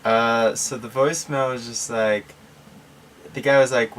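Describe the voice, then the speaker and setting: A man, the roommate, chiming in offhand and quiet during a casual chat. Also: mid-range voice, steady tone, a little slow, recorded from a distance, a little hiss or hum. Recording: off-mic voice in a room.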